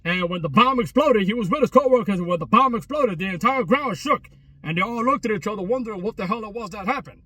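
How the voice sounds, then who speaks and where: Bright, husky New man. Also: sits high, animated, fast, distant mic. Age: 30s. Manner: repetitive, full of restarts and street slang. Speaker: travel vlogger. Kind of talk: rambling casual chat. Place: outdoors by a closed restaurant at a mall.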